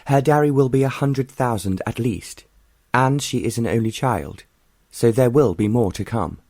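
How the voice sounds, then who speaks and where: A male audiobook reader voicing a spirited, quick-tempered young woman who answers with sharp, scornful retorts. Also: mid-range voice, no room sound, pitched above the performer's own voice, lightly acted.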